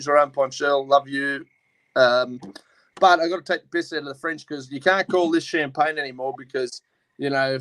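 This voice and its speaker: A blunt, rambling Australian man hosts a casual chat and swears freely. His voice sits a little high for a man. The sound is dry and close. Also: a bit bright, no echo, low-quality recording. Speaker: host.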